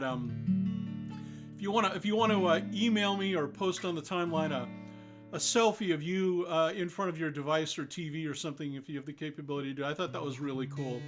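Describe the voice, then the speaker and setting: Older guy chatting between songs on a live stream, bit higher voice, guitar ringing behind him. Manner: chatty, greeting viewers by name, warm asides. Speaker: singer-songwriter hosting a live stream concert. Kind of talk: casual chat between songs.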